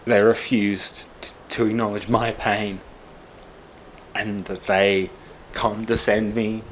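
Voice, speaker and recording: A man in his forties with a somewhat low voice delivers a raw personal monologue to camera. He sounds upset and worn out, bitter and angry, swearing often. Faint noise sits behind him. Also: level tone, slow. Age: 40s. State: upset and exhausted. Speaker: vlogger.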